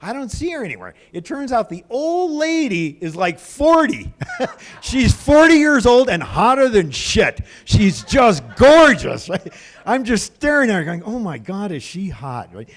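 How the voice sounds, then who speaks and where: A man's voice: extremely high pitch, very animated, normal speed. A middle-aged man doing a crude stand-up comedy set in a comedy club, with punchy punchlines and banter with the crowd.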